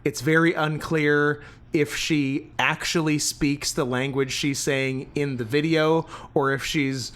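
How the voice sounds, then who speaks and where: A man's voice: a little high, little pitch movement, takes it slowly, a bit bright. A young man co-hosting a podcast in casual banter, rambling and trailing off, laughing often. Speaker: podcast co-host.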